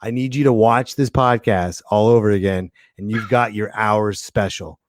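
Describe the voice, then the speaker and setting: A man's voice: lowish voice, fairly even intonation, normal speed, dry recording. Hype-man podcast host, dry close sound. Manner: enthusiastic, hyping up the guest, calls him man and brother. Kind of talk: casual podcast interview.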